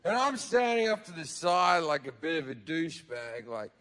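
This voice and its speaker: An Australian man performing profane stand-up comedy, telling stories loudly on a big theatre stage. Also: on the high side, sing-song, normal speed, big-room sound. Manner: loud, profane storytelling with frequent shouting.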